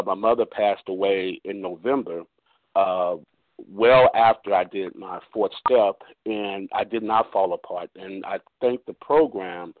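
Brief: man at a recovery meeting, very low voice, halting delivery, tinny phone line. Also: no room sound. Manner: halting, with pauses and restarts. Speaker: meeting participant. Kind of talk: personal sharing at a recovery meeting.

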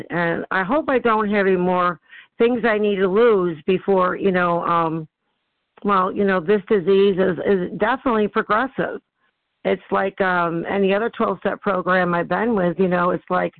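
Woman with a gravelly voice, rambling share, close dry phone sound. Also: medium pitch, no echo. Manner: rambling, many fillers. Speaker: meeting attendee sharing. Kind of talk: personal share on a phone call. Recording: dry tinny phone line.

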